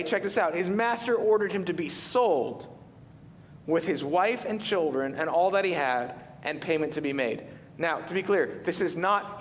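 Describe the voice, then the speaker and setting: A man preaching a sermon as a pastor, telling a story in an animated way and putting rhetorical questions to the congregation. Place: church sanctuary. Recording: reverberant hall with faint rumble.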